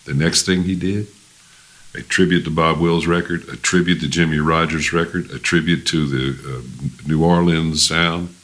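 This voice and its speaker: A man's voice: extremely low pitch, steady tone, moderate pace, fairly bright tone. An older man, a musician guest, telling rambling stories in a casual interview, with many fillers and restarts.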